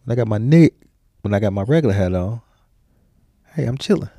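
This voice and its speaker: Mellow low-voiced podcast co-host man. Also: animated, fairly quick, no room sound, clean studio sound. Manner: easygoing, playful, slangy. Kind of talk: casual chat.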